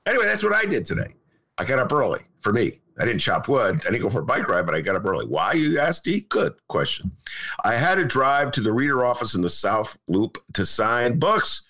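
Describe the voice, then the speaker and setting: Older male podcast host, animated pitch, rambling and emphatic chat. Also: fairly quick. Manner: rambling, emphatic, repeats himself. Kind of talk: casual chat.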